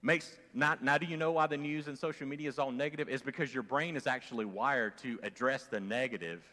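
A man's voice: mid-range voice, brisk, pushed and bright. A male pastor preaching a sermon in a conversational way, calling on the congregation to respond. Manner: conversational, calls for audience response. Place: church sanctuary. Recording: long church hall reverb.

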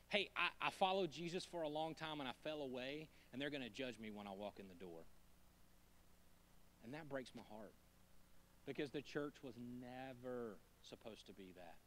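A man preaching a sermon in a church, conversational and joking, going from hushed asides to emphatic lines. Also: medium pitch, expressive, measured pace, pauses often, slight background noise. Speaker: pastor.

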